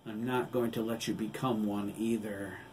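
A man's voice: lowish voice, fairly even intonation, normal speed, darkish tone, lightly acted. A man voicing an earnest, caring young leader who pleads and insists, recorded from a distance with faint noise behind.

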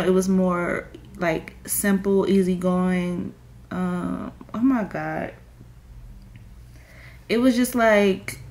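A young woman, crying and rambling in a confessional vlog with many fillers. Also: medium pitch. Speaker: vlogger.

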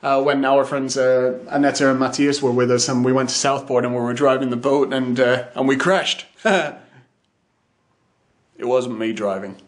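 A man records a casual driving vlog in a steady, mid-range voice at a moderate pace, with no echo. He rambles, using many fillers and correcting himself, while car and traffic noise from the town streets fills the background.

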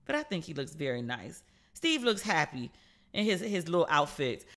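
A bright, forceful woman hosts a casual solo podcast. She tells gossipy stories with animated energy and slips into the voices of the people she quotes. Her tone is sharp and lively throughout. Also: sits low, moderate pace. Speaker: podcast host.

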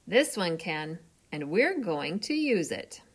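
A woman's voice: fairly low pitch, very animated, takes it slowly, slightly rough, exaggerated voice. A woman reading aloud, voicing a confident, boastful railroad boss who is a grown man.

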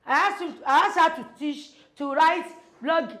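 A woman's voice: sits high, moderate pace. A woman with a Nigerian accent, acting a defiant, bickering teacher in a comedy skit, mixing pidgin and Yoruba. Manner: loud, defiant, laughing, bickering. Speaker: comic playing a job-seeking biology teacher.

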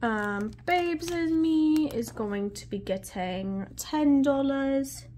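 Slow-talking woman counting cash aloud. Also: sits high, expressive, warm tone, slight background noise. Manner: counts bills aloud under her breath, chatty asides. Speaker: budgeting vlogger. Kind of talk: casual chat while counting cash. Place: at a desk at home.

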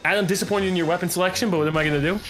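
A man chatting casually while playing an online game with friends, excitable and quick to laugh. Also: sits high, music in the background. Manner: excitable, laughs a lot, shouts at plays. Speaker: gamer. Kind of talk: casual gaming chat.

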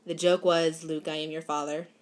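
A woman's voice: low-pitched, little pitch movement, normal speed. Giggly young woman chatting to camera. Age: young adult. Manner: rambling, giggly, many fillers and restarts. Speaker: vlogger. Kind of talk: casual chat to camera.

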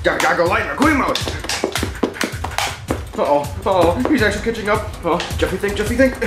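A man's voice: high-pitched, a little fast. A whiny childish boy in an echoey room. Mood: babbling. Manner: whiny, babbling, excitable. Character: dim, bratty young boy with a whiny childish voice. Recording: echoey room with music behind.

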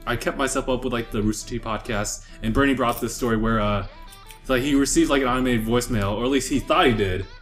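A man's voice: medium pitch, fast, a bit bright, soft background music. Young man steering a casual podcast. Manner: steers the topic, retells stories. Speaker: podcast host. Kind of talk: casual group chat.

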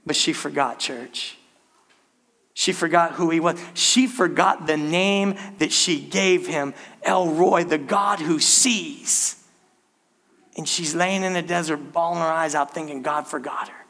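High, bright-voiced male pastor preaching. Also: takes it slowly, long pauses. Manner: animated storytelling, addresses congregation as "church". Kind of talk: sermon.

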